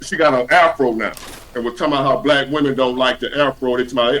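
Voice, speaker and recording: A livestream host talks fast over a video call in a steady, medium-pitched voice that sounds pushed and bright. He's blunt and preachy, using casual slang and plenty of cussing, and the recording is low quality.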